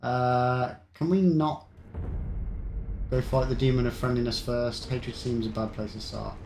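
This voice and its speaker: A man's voice: mid-range voice, steady tone, a little slow, darkish tone, a little hiss or hum. A young man with a Black Country accent, casually chatting with his live-stream audience while playing a video game. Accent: Black Country English. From England. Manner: chatty, rambling, answers chat between game deaths. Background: game music.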